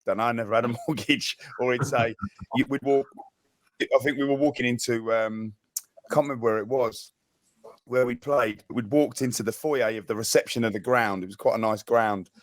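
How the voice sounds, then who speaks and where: A man's voice: medium pitch, normal speed, no echo. A middle-aged man, a former footballer, telling funny stories in casual chat with lots of restarts and laughter. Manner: animated storytelling with laughs and restarts. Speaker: podcast co-host, ex-footballer.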